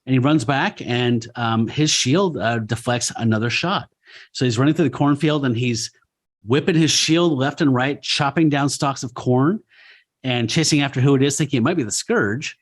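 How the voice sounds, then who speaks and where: Mid-pitched man recapping a comic. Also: moderate pace. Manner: recaps the story in a running play-by-play, wry asides. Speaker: podcast co-host. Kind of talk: casual comic-book podcast chat.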